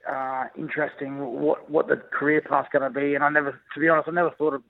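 A young Australian rugby league player, a guest on a radio show, talking over the phone in a relaxed, hesitant way with many fillers. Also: male voice, fairly high pitch, fast talker. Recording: tinny phone line.

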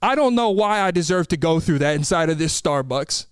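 A man hosting a podcast, telling comedic stories in an animated, exasperated way and acting out the people in them. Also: on the high side, a little fast, smooth, no echo, clean studio sound. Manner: animated, exasperated storytelling with quoted voices. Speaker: podcast host. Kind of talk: comedic storytelling monologue.

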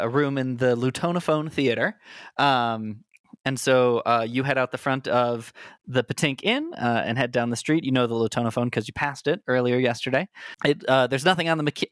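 A man's voice: medium pitch, fairly bright tone, dry recording. Game master guy narrating, lots of ums, dry close sound. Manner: halting narration full of ums, playful.

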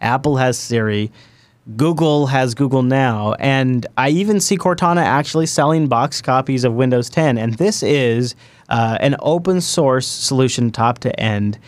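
A man hosting a tech podcast, talking with excited emphasis and quick asides. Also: mid-range voice, dry recording. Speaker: podcast host. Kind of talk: enthusiastic tech podcast chat.

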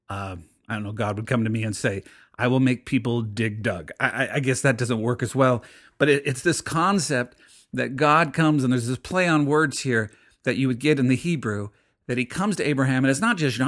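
A man's voice: medium pitch, moderate pace, a bit bright. A middle-aged man preaching a sermon in an earnest, explaining way, with frequent fillers and restarts. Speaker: pastor.

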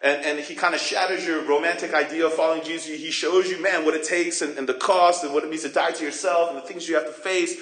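A man preaching a sermon as pastor, expressive and acting out voices and questions. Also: on the high side, fast talker, hardly any pauses. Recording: roomy echo.

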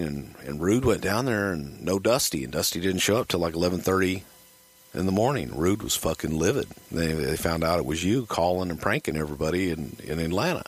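Deep-voiced, cussing male raconteur telling a loose story, with a dry, close sound. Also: expressive, fairly quick, breathy edge, no echo. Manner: profane, rambling anecdote. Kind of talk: casual storytelling.

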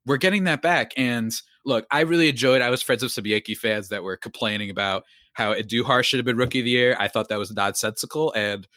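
Fast-talking, with a mid-range voice and hardly a pause, a young podcast host rambles through sports talk, animated and constantly breaking off into asides or restarting. The sound is clean studio audio without echo.

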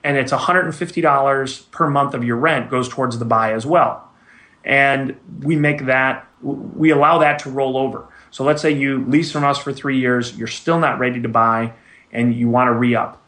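A man guest on a podcast, explaining his business in a plain, steady way. His voice sits at a middle pitch. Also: normal speed. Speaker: guest, rent-to-own company owner. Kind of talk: podcast interview.

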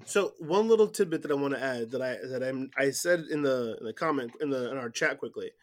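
A man co-hosting a casual wrestling recap chat, animated and given to loud whoops. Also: medium pitch, brisk. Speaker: podcast co-host.

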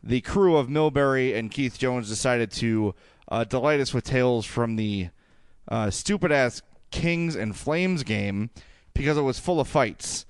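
A man co-hosting a sports podcast, chatting casually and ranting with animated jokey asides. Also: mid-range voice, measured pace, clear, resonant tone, dry recording. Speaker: podcast co-host.

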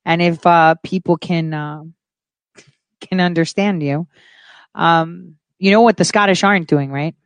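A woman's voice: fairly low pitch, a little slow, smooth, no room sound. A woman vlogger giving hesitant, casual commentary full of fillers.

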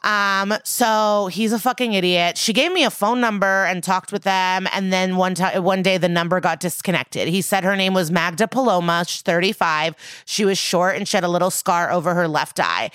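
A woman's voice: lowish voice, normal speed, fairly bright tone, clear, resonant tone, no room sound. A young adult woman co-hosting a podcast, casually recapping a TV episode, swearing freely and acting out the characters' lines. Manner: swears casually, retells scenes with quoted dialogue. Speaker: podcast co-host.

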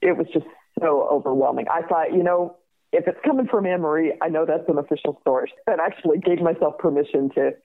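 A woman in her fifties, a guest telling her story in a lively way, laughing often and acting out the other voices. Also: deep voice, brisk. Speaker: guest, crime survivor. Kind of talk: personal storytelling in an interview. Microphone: phone call. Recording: tinny phone line.

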